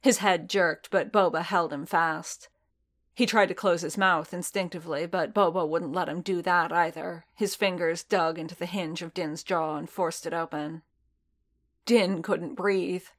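Low-voiced woman narrating a story. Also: fairly even intonation, unhurried, fairly bright tone. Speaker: audiobook narrator. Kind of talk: reading fan fiction aloud.

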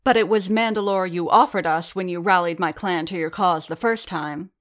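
A woman reading the part of a wiry warrior woman who challenges her leader with pointed, fast questions. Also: lowish voice, close to an everyday voice. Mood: defiant. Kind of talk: audiobook reading.

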